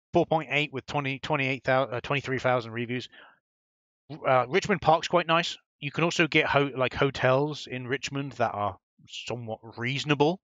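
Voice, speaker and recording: A man's voice: mid-range voice, a bit bright, dry recording, muffled recording. A man giving rambling, casual commentary over a game, swearing now and then. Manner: rambling, swearing, chatty asides. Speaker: gameplay commentator.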